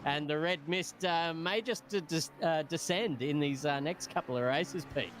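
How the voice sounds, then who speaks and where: A high-pitched man commentates a sim race live, chatty and excitable. He laughs between calls. Steady noise sits under the stream audio. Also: normal speed.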